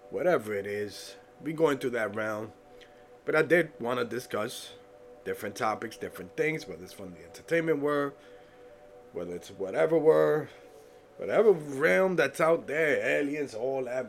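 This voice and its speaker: A man hosting his own podcast, talking in a loose, joking way with sudden whoops, a bit stuffy-nosed. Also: medium pitch. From United States. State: stuffy nose. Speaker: podcast host. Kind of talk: solo podcast talk.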